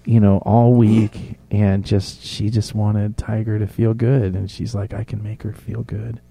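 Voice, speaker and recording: A man with a low, gravelly, very dark voice gives hushed, affectionate live commentary. His lines keep sinking toward a whisper, close and relaxed. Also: measured pace, no room sound. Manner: hushed, fond, often trailing into whispers.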